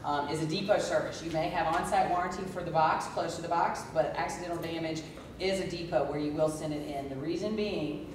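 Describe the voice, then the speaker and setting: A woman's voice: deep voice, fairly even intonation, brisk, background noise. A woman speaking in a conversational way at a conference, laughing easily as she explains. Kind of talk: conference talk. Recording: echoey room, distant mic.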